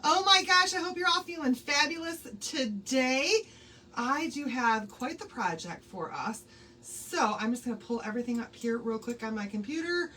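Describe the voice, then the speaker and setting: A woman's voice: fairly high pitch, animated, moderate pace, a bit bright, far from the mic, poor audio. A woman hosting a live craft tutorial, chatty and bubbly, greeting viewers by name and laughing often. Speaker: craft livestream host.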